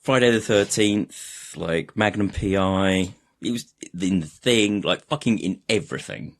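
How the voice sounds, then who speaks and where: A man's voice: low-pitched, a little slow. A man co-hosting a podcast, chatting casually with sweary, laughing banter. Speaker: podcast co-host. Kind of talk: casual chat.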